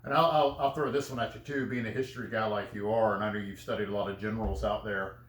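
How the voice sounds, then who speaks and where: A man's voice: fairly low pitch, fairly even intonation, fast talker, fairly bright tone. A man hosting a casual conversation, asking questions and giving brief agreeing replies. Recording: roomy echo.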